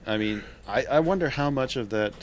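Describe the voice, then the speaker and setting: A man co-hosting a podcast, talking in a relaxed, reflective way with frequent fillers. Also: mid-range voice, fairly quick, a little hiss or hum. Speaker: podcast co-host. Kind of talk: casual podcast chat.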